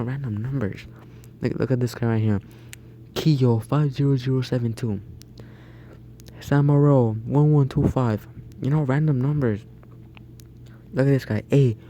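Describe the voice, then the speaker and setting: A man's voice: medium pitch, warm tone, slight background noise. A young man telling a story over gameplay in a casual, rambling way, often restarting his sentences. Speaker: gaming YouTuber.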